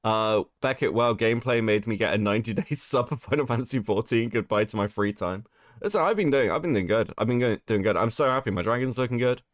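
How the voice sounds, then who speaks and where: A man's voice: mid-range voice, quick pace, no echo, clean studio sound. A man hosting a casual livestream while sick, reading chat aloud, swearing and laughing often. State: sick, rough voice. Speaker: streamer host.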